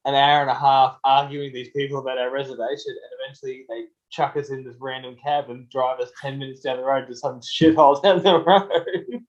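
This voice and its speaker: A man's voice: mid-range voice, fairly even intonation, fairly quick, hardly any pauses. Wry man, dull lo-fi sound. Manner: wry, teasing banter. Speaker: podcast co-host. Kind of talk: casual chat. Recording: dull lo-fi recording.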